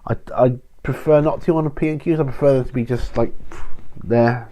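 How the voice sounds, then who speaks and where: A man's voice: mid-range voice, fairly even intonation, a little fast, warm tone. A tired man hosting a casual question-and-answer video, rambling with many ums and restarts. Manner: rambling, self-interrupting, frequent ums and sighs. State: tired, prone to yawning. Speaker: channel host answering viewer questions.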